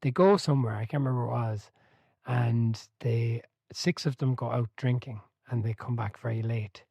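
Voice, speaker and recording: A man hosting a book club podcast, chatting casually and telling stories with animated energy, laughing and swearing freely. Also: mid-range voice, normal speed, husky, no room sound, lo-fi sound.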